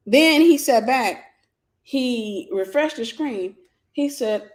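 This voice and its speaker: A woman with a somewhat high voice tells a story to her vlog viewers. She speaks in a lively, animated way and plays out every line of the dialogue herself. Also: slow pace, roomy sound. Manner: animated retelling, acts out dialogue. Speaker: vlog host.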